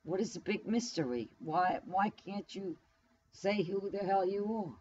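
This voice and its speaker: A woman's voice: mid-range voice, a little slow, darkish tone, highs cut off, a little hiss or hum. A woman live streaming from home in New York, rambling casually to her viewers, blunt and profane as she talks back to the chat. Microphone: camera mic.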